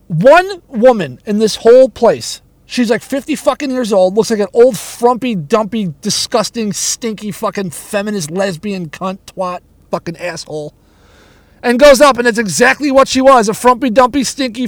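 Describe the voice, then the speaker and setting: A man's voice: extremely high pitch, no echo. A man who does stand-up comedy, telling a story as an angry, profanity-heavy rant that stumbles and repeats itself. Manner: angry, profanity-laden, stammering.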